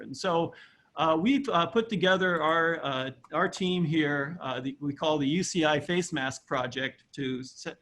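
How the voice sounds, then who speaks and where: A slightly high-voiced man walks through research slides like a lecturer. He hesitates often, filling gaps with "uh" and restarting phrases as he goes. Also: fairly bright tone. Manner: halting, many "uh" fillers and restarts. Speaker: university scientist presenting a research project. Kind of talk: recorded slide presentation.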